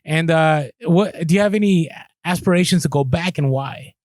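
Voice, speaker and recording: High-voiced eager man hosting. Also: no room sound, studio quality. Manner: eager, halting, repeats himself. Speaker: podcast host. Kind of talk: casual interview chat.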